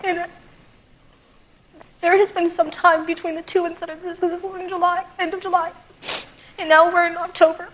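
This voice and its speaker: A woman's voice: extremely high pitch, level tone, slight background noise. A woman, a mother and talk show guest, telling her story in a rush, full of fillers and retold dialogue. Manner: rapid, full of "like", retells her child's words. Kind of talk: emotional testimony on a talk show.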